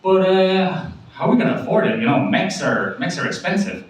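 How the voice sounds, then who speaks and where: A man's voice: high-pitched, big pitch swings, a little fast, voice pushed up. A man putting on a boastful Belgian politician with a French accent. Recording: echoey club from far off, audience noise.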